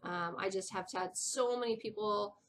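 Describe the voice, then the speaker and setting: A woman's voice: medium pitch, moderate pace, a little hiss or hum. A middle-aged woman vlogging in a rambling, chatty way who drops to a whisper for asides. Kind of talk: casual chat.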